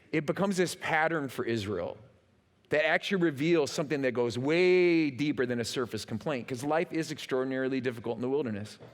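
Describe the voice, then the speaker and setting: A man preaches from the stage, his voice a little high and swinging widely in pitch as he acts out quotes and leans on repeated words. His sermon rings out with the long echo of a big church hall. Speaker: pastor. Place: large church auditorium.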